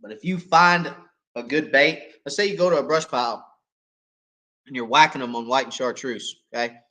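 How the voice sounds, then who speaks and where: Hoarse fishing host. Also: male voice, medium pitch, moderate pace, bright, forceful tone. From East Tennessee. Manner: folksy, chatty, checks in with viewers. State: hoarse, losing his voice, coughing. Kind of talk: live Q&A chat.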